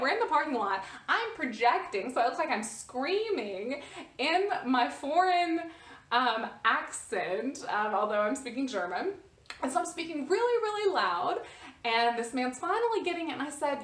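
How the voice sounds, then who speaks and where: A woman vlogger telling a personal story in a casual, animated way, often restarting her sentences. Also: sits high, moderate pace, roomy sound, far from the mic. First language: English. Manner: animated, restarts often, rises when reliving the scene.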